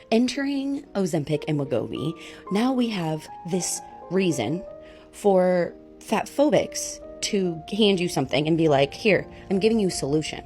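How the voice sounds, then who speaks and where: Woman, lowish voice, earnest, frank, casual vlog talk, faint music behind. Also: a little mellow. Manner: earnest, frank, laughs a little while talking.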